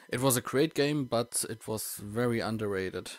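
A German-accented man speaks slowly and haltingly in English, filling his pauses with ums. He comments casually on a video game, plainly unsure of his English. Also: medium pitch, a little mellow, no room sound. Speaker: let's player.

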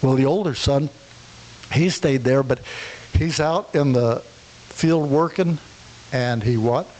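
A man's voice: mid-range voice, slow, a little mellow, poor audio. A man preaching a sermon, retelling a parable and acting out its characters, with frequent stammered restarts. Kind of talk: sermon storytelling. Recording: faint hiss.

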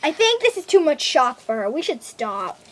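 An excitable woman narrates playful home-video play-acting, giggly and dramatic. Her voice is high and bounces around a lot. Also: normal speed, noisy background.

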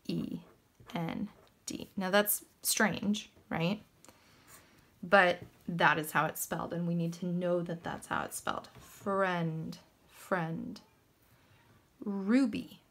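A woman's voice: on the low side, extremely slow, pauses often, bright, forceful tone. A woman giving a recorded lesson to first graders, patiently spelling out words and encouraging them. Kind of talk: recorded classroom lesson for children.

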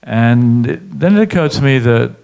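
A man's voice: medium pitch, expressive, normal speed, vocal fry, a little mellow. A middle-aged man being interviewed on stage, telling stories in a reflective way with many fillers and restarts. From Britain. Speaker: guest, columnist and author. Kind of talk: live interview at a public event.

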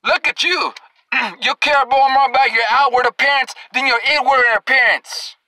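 A man's voice: very high-pitched, moderate pace, pushed and bright, no echo, low-quality recording. A male preacher delivering an angry, confrontational sermon, scolding and cursing at his listeners and drawing out scripture verses for emphasis.

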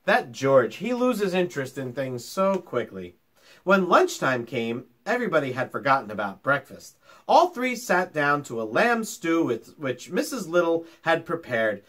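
Animated man reading a storybook to kids. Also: a little high. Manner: animated, talks to children directly. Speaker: teacher. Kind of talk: reading a children's book aloud.

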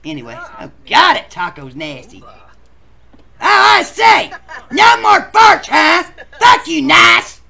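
A performer voicing a crude, rowdy male bachelor contestant, who tells profane stories and bursts into shouts. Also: medium pitch, wildly swooping pitch, normal speed, creaky, breathy edge, full character voice. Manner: profane storytelling with sudden shouted outbursts. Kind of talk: comic machinima voice acting.

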